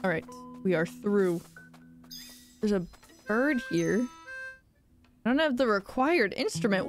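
Gushing, excitable woman streamer. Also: medium pitch, a little slow, pauses often, music in the background. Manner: gushing and excitable, gasping at cute things. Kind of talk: live-stream game commentary.

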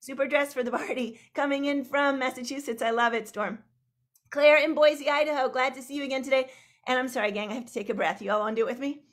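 Bubbly high-voiced woman host. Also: steady tone, quick pace. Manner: bubbly, rambling, laughing. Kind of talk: greeting online viewers by name. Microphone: video call.

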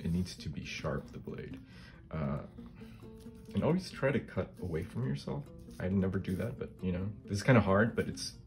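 Man, middle-aged, very low voice, chatty craft demo, thinks aloud, soft music underneath. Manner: thinks aloud, often adds a questioning "right?". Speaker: collage artist and channel host. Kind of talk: casual craft demonstration.

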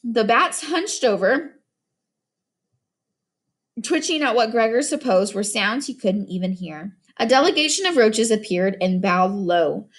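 A woman narrating an audiobook in an expressive storytelling manner, doing voices for each character. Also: on the high side, unhurried.

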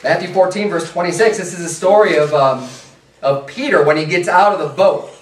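A man's voice: a little high, a little fast, slight background noise. A man preaching a conversational sermon, casual and full of rhetorical asides. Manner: casual, repeats rhetorical "right?" and "hey". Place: church sanctuary. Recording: echoey church from a distance.

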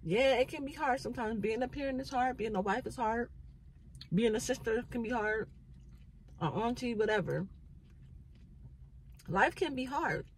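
A woman's voice: fairly high pitch, lively intonation, normal speed, long pauses, slight background noise, rough recording. A middle-aged woman, a mother, sharing an earnest faith-based reflection, repeating phrases for emphasis and holding back tears. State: near tears. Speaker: vlogger.

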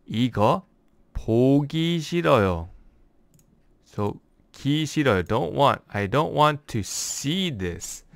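A man with a smooth, clear voice of middle pitch teaches in a relaxed, casual way. He breaks phrases apart word by word and slows down to spell out examples. The sound is dry and close, with no room echo. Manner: explains word by word, slowing down for examples. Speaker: language teacher. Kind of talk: casual language lesson.

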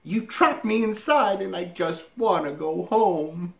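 A man voicing a small, timid male mouse who pleads sweetly in a squeaky voice. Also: animated, slow, vocal fry, reverberant, full character voice. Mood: pleading.

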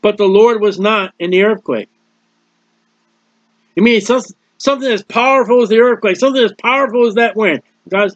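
A man's voice: very high-pitched, moderate pace, no room sound. A man preaching a sermon, explaining scripture plainly and reading out the verses in turn. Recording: dull dry lo-fi recording.

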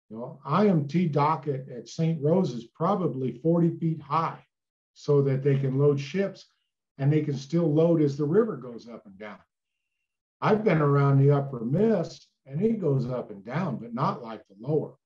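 A man's voice: mid-range voice, a little mellow. Folksy older man, lo-fi sound. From Illinois, USA. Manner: rambling, folksy, with fillers and asides. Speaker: guest, retired river towboat captain. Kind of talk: casual storytelling in an interview. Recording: slightly dull, lo-fi sound.

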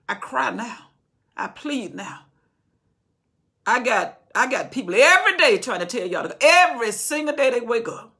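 A woman explaining a Bible chapter, swinging between loud preaching and hushed whispers. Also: a little high, expressive, moderate pace, gravelly, slightly rough. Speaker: Bible teacher.

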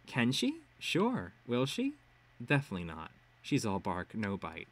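A man's voice: medium pitch, big pitch swings, fairly quick, natural voice. A man voicing a smug, mocking teenage girl villain in a read-aloud web serial. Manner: teasing, mocking.

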